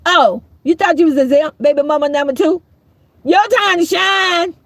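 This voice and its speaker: A middle-aged woman giving an emphatic, preachy call-out rant as a YouTube commentator, often shouting. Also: very high voice, normal speed, no echo.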